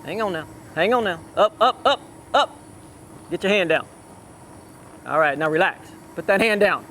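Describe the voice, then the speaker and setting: A man's voice: sits high, animated, normal speed, fairly bright tone, slight background noise. A man working as a cutting horse trainer, coaching a rider live in an outdoor arena and calling out short, repeated commands.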